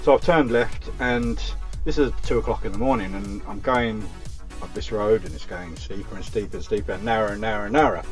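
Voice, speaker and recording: A man's voice: fairly low pitch, fast talker, faint music behind. A man with an Essex accent, a taxi driver telling stories in a casual chat. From Essex, England. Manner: chatty, animated anecdote telling.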